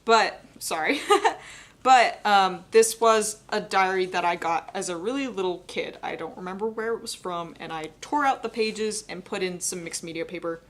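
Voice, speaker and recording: A young adult woman giving a live painting demonstration, talking quickly and chattily and laughing often. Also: medium pitch, fairly bright tone. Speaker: painting instructor.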